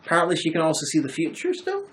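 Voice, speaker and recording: A man hosting a film review chat, retelling the plot in a rambling, animated way. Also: a little high, racing, rough recording. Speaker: host of a film review show. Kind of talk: casual chat about a film.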